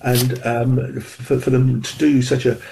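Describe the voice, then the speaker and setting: A man, a former senior police commander, speaking as a guest in a radio interview in a measured way, with hesitant restarts. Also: medium pitch, little pitch movement, gravelly, dark tone, poor audio.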